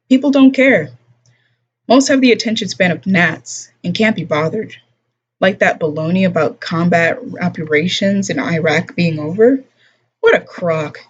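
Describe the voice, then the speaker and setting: A woman reading the part of a weary older grandfather who grumbles in a measured way. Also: fairly low pitch, breathy edge. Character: weary older male grandfather, gruff but patient. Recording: dull lo-fi stream audio.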